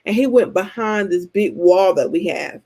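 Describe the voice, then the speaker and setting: A woman from Georgia with a Southern American accent, chatting casually with her viewers and telling stories in an animated, colloquial way. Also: mid-range voice, moderate pace, slightly rough. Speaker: vlogger host answering subscriber comments. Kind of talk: casual chat.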